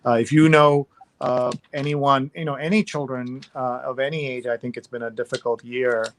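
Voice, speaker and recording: A man's voice: medium pitch, little pitch movement, moderate pace, a little hiss or hum. A man hosting a live online readalong, chatting casually and skimming headlines aloud over a video call. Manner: conversational, skims headlines aloud with fillers. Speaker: host.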